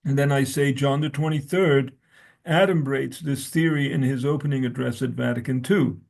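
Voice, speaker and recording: A man's voice: mid-range voice, steady tone, normal speed, vocal fry. A man talking as a guest scholar, reading from his own essay and quoting sources, often restarting his sentences.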